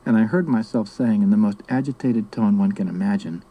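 A man from South America reading his memoir aloud in a steady, measured storytelling manner. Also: fairly low pitch, husky, rough recording. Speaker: narrator.

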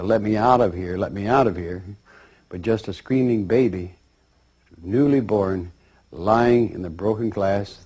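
Husky-voiced man giving a rambling lecture. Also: lowish voice, dark tone. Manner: measured, rambling storytelling. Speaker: speaker. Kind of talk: spiritual lecture.

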